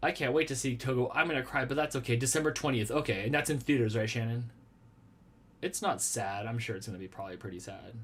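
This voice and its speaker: A man's voice: mid-range voice, quick pace, slight background noise. A man hosting a casual live stream from a small room at home. He rambles in a playful way, answers viewer comments and jokes about himself. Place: small room at home with a red wall and lava lamps.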